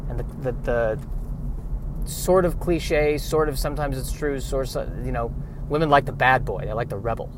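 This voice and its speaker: A man's voice: medium pitch, moderate pace, noisy background. A man doing a stand-up monologue, musing in a rambling, self-deprecating way. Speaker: comedian.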